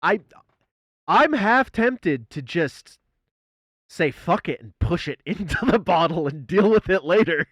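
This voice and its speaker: Streamer, male: animated and foul-mouthed, higher voice swinging all over, dry close mic. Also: unhurried, breathy edge, no room sound. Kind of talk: casual live-stream chat.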